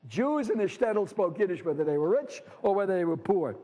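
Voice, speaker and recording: A man teaching a literature class explains a story and reads passages aloud, drifting conversationally into digressions. His voice is high, sing-song, and fairly quick with a dark tone, and the lecture hall adds long reverb.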